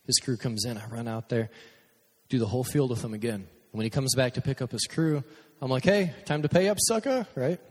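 A man's voice: medium pitch, fairly even intonation, fairly quick, breathy edge. A man preaching a casual storytelling sermon as pastor, joking and acting out his own stories. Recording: long hall reverb.

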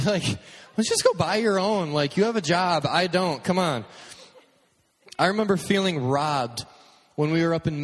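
Animated male pastor in a reverberant hall. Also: fairly high pitch. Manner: animated, joking, acts out his own stories. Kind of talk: casual storytelling sermon.

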